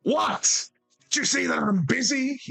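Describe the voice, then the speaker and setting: A man voicing a short, stout, furious dwarf head chef who shouts explosively. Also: high-pitched, sing-song, slow pace, faint music behind, pitched above the performer's own voice, heavily acted. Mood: outraged.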